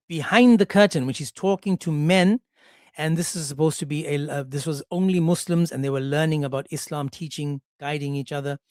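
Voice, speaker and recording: A man's voice: fairly high pitch, a little mellow, no room sound, clean studio sound. A man delivering a mocking, sarcastic commentary monologue, acting out the people he quotes. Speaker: commentary channel host.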